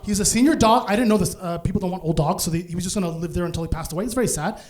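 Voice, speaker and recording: A man doing live stand-up on a comedy stage, telling a long story in a lively way. His voice sits high for a man. He slips into other people's voices and breaks into sudden shouts. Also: very fast. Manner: animated, acts out voices, bursts into shouts.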